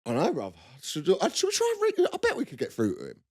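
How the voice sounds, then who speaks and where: A man's voice: fairly high pitch, wildly swooping pitch, fast talker, darkish tone, slightly rough. A man co-hosting a podcast, chatting loosely and laughing as he rambles through anecdotes. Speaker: podcast co-host, comedian. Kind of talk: casual banter.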